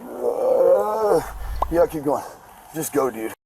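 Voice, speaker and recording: High-voiced erratic man in his 40s. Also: sing-song, drawn-out words, creaky, noisy background. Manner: erratic, swearing, pleading. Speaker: detained man. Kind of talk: bodycam footage. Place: outdoors at an apartment. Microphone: officer's body camera.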